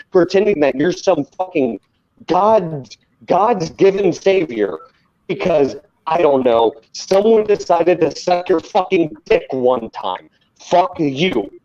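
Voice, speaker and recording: A man's voice: on the high side, dark tone. An American man co-hosting a podcast, delivering an angry, mocking rant full of swearing. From United States. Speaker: podcast co-host. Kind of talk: profane rant. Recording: dull lo-fi sound.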